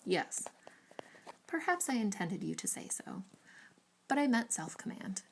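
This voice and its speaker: A witty, spirited young lady, voiced by a woman reading a storybook. She banters archly. Her mid-pitched voice has a gravelly edge. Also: sing-song, measured pace, whispered. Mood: bantering. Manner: arch and bantering.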